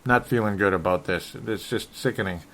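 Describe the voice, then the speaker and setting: A man's voice: lowish voice, brisk, fairly bright tone, a little hiss or hum. A man hosting a solo sports talk show, frustrated and rambling, often correcting himself and chuckling. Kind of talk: solo sports podcast commentary.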